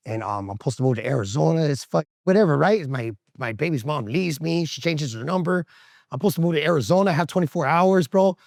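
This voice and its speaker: A man's voice: medium pitch, vocal fry, dry recording, clean studio sound. A man telling a candid, emotional story to the camera, slangy and swearing, acting out the voices of people in it. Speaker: interviewee telling his recovery story. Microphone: camera interview setup.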